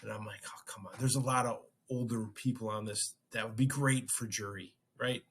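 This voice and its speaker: A man's voice: fairly low pitch, fairly even intonation, fairly quick, fairly bright tone, husky. A man hosting a podcast, casually telling a story and acting out his own reactions. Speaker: podcast host.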